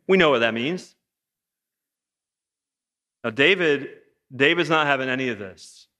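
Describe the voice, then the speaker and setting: A man preaching a sermon in a lively, joking way, firing off rhetorical questions. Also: medium pitch, a little slow. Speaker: pastor. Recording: long hall reverb.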